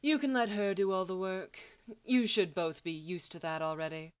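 A woman's voice: on the low side, moderate pace, clear, resonant tone, lightly acted. Woman voicing a dry, teasing young woman.

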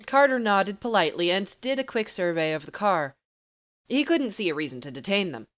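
A woman reading fan fiction aloud as an audiobook narrator with steady, even storytelling. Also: lowish voice, normal speed.

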